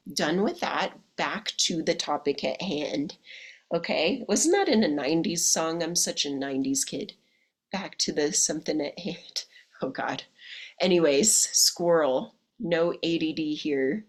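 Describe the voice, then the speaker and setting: A woman in her thirties coaching listeners in a chatty podcast monologue, her voice slightly hoarse from illness. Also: sits low. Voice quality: husky. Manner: chatty, calls listeners "my darlings" and "ladies". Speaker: dating coach. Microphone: podcast microphone.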